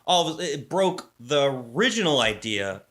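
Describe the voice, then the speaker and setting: A man's voice: a little high, sing-song, normal speed, a bit bright. A man co-hosting a podcast, talking casually in rambling, restarting sentences and swearing loosely. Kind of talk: casual conversation.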